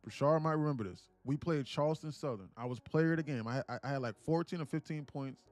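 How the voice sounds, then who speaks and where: Speaking fast in a slightly high voice, a day trader in his late twenties tells his live stream chat a story, casual, crude and slangy in an animated retelling. Faint music sits behind him, and there's no echo.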